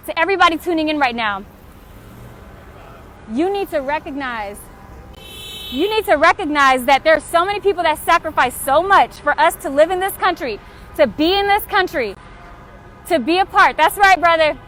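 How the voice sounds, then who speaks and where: Young woman with a very high voice, making frustrated, urgent appeals on a phone stream outdoors by a street. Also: expressive, normal speed, long pauses, a bit bright. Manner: impassioned, urgent, repetitive calls to action. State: frustrated and tired. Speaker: livestreamer. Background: faint passing traffic and honking.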